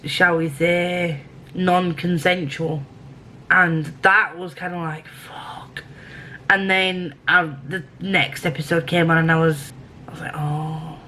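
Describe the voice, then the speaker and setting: A woman's voice: on the low side, fairly bright tone, a little hiss or hum, poor audio. A young woman vlogging, chatting casually and rambling with restarts and asides. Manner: chatty, rambling, self-interrupting. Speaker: book vlogger. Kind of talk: casual chat to camera.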